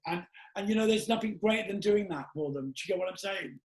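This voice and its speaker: A podcast host conducts a casual interview, speaking earnestly and emphatically and often asking "do you get what I'm saying." His voice is high and quick, captured in an echoey room on a low-quality recording.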